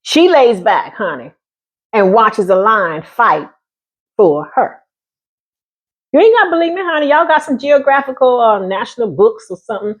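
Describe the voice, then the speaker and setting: Sassy woman with a husky, lively voice. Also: a little high, normal speed. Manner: sassy, calls listeners honey, laughs often. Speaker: vlogger giving relationship talk. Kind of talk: casual monologue to viewers.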